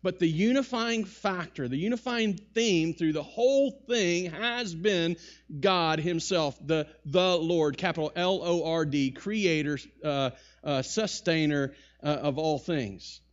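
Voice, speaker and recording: Animated preacher man, muffled sound. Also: on the high side, a little slow. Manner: animated preaching with rising bursts and asides to the congregation. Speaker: pastor. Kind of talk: sermon. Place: church sanctuary.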